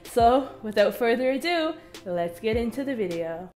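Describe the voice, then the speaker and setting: A woman's voice: a little high, lively intonation, moderate pace, a little mellow, soft background music. Bubbly young woman hosting a reaction video. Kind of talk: casual reaction commentary.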